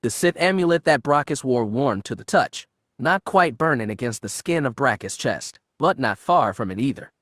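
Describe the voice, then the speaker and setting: In a measured, even narration, a male audiobook narrator reads space-adventure fan fiction aloud. His voice is mid-range, and the recording is dry and close, free of any room sound.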